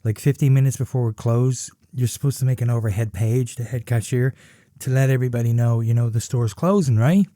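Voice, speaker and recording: A man's voice: medium pitch, a little fast, warm tone, no echo, clean studio sound. A man hosting a podcast, telling a story casually, rambling and swearing with lots of fillers. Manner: rambling and profane, heavy on fillers like "you know" and "right?". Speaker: podcast host.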